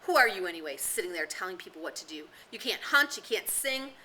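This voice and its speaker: Woman reads a domineering boy hunter; shouting, sneering, bright and sharp. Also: fairly low pitch, lively intonation, a little fast, a little hiss or hum. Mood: contemptuous. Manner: shouting, jeering, bitter mimicry. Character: aggressive, domineering schoolboy hunt leader.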